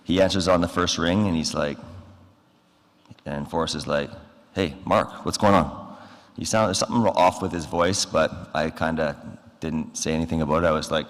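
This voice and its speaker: A man with a very deep, low voice and a Canadian accent speaks at a memorial service. He tells his stories haltingly, with many fillers, and acts out the phone calls. His voice carries a long reverb from the large hall around the podium microphone. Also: steady tone. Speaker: eulogy speaker. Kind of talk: memorial speech, storytelling.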